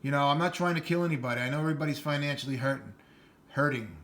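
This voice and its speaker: A man's voice: a little high, very fast, a bit bright, slight background noise. A middle-aged man with a New York accent talking bluntly and rambling in a casual vlog. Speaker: channel host.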